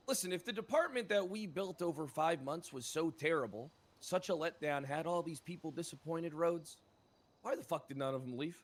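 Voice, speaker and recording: A man's voice: a little high, moderate pace. A man roleplaying a cop in a heated, swearing rant, with his voice cracking with indignation. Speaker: roleplayer playing a police character. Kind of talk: heated GTA roleplay argument.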